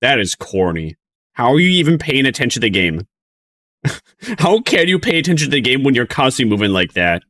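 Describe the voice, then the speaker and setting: A man's voice: medium pitch, big pitch swings, brisk, fairly bright tone. A man streaming casual reaction commentary, rambling with frequent laughs and mocking sing-song outbursts.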